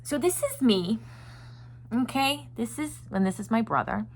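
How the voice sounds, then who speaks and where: A woman's voice: a little high, expressive, unhurried. Woman host, casual chat to viewers, earnest and rambling, lots of filler words. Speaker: self-help video host.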